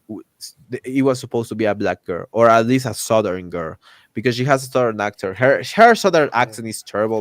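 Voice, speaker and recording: Animated man ranting. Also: medium pitch, clean tone, dry recording. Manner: animated, indignant, many restarts. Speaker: host. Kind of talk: casual podcast rant.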